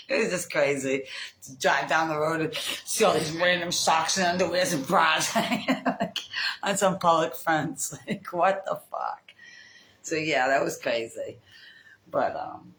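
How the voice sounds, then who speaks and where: A woman's voice: sits low, a little slow, fairly bright tone, poor audio. Profane, laughing middle-aged woman rambling. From United States. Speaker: vlogger. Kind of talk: casual storytelling chat.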